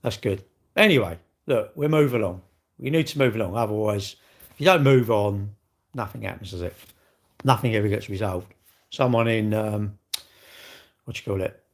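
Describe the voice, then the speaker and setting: A man's voice: lowish voice, moderate pace, pauses often. Exasperated man on a livestream. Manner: exasperated, rambling, keeps repeating "mate". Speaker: livestream host. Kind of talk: casual livestream chat.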